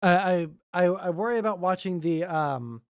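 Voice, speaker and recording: A man's voice: sits high, normal speed, clean tone, no echo, clean studio sound. Profane, rambling male streamer. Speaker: streamer reacting to videos. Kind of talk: casual reaction commentary.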